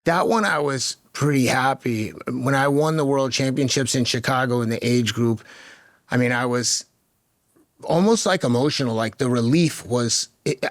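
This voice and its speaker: A man in his fifties tells stories as a podcast guest, emphatic and animated, and acts out the dialogue as he goes. His voice sits in a middle pitch. The sound is dry and close. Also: no room sound. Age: 50s. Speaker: podcast guest, masters marathon runner. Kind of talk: casual interview chat.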